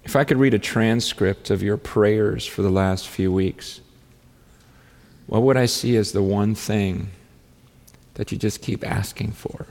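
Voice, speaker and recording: A man preaching a sermon in an earnest, halting way, with many restarts, often rising into fervent, pleading prayer. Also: fairly low pitch, fairly even intonation, gravelly, a little mellow. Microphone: handheld or stand mic on stage. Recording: long hall reverb.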